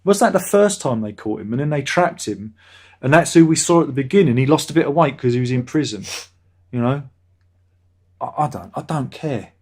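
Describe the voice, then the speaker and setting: A man's voice: mid-range voice, lively intonation, slightly rough. A man hosting a review livestream, chatting casually and reading out viewer comments with a sarcastic, easily angered manner. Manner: ranting, sarcastic, quick to anger.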